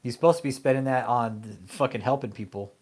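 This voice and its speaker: A man's voice: medium pitch, a little fast, darkish tone. Profane, angry man ranting. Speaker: online commentary host. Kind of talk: casual profane rant.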